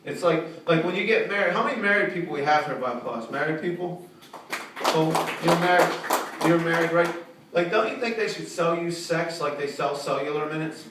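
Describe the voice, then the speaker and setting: A middle-aged man doing a stand-up comedy set, brash and profane, recorded in a small art studio venue. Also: a little fast. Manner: brash and profane, pitching up for quoted callers. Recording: very echoey room, from a distance, audible noise.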